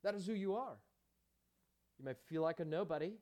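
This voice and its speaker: A man's voice: high voice, fairly quick, darkish tone. A man preaching a sermon as pastor, emphatic, with rhetorical questions and chatty asides to the congregation.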